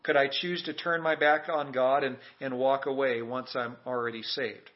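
A man's voice: medium pitch, fairly even intonation, normal speed, dull audio. A man preaching a sermon as pastor, emphatic and calling on the congregation to repeat lines back. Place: church sanctuary.

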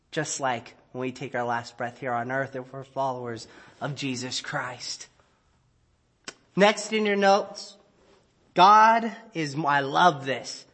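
A man with a high voice preaches to his congregation in a loose, conversational way. He acts out exasperated little asides and sinks low and quiet when he stresses a point. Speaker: pastor. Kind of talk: sermon. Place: church sanctuary.

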